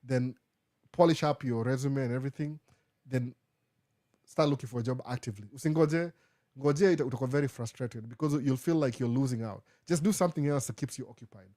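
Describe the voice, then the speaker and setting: Male host, live Q&A, casual, code-switching, dry close sound, mid pitch. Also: brisk, mellow, no room sound. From Kenya. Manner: casual, mixes English with Swahili phrases. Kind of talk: live Q&A answering viewer questions.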